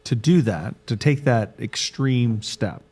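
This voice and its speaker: A man's voice: medium pitch, expressive, slow pace, a little mellow, husky. A man hosting a podcast, asking reflective questions and offering short affirmations. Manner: reflective, prompting, frequent affirmations. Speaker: podcast host. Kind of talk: interview conversation.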